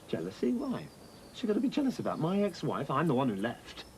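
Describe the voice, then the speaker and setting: A man's voice: a little high, huge pitch swings, quick pace, darkish tone, slight background noise. An actor playing an exasperated, defensive divorced man who insists and argues.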